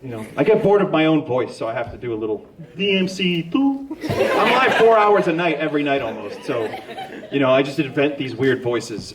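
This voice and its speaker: A man on a comedic convention panel, rambling and joking self-deprecatingly as he answers audience questions. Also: mid-range voice. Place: large convention hall with an audience. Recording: distant mic in a crowded hall.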